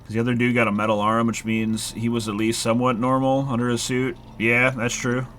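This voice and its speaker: A man's voice: mid-range voice, little pitch movement, brisk, a bit bright, a little hiss or hum. A man casually chatting while he streams a horror game live, rambling with lots of filler words and casual swearing. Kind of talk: casual live gameplay chat.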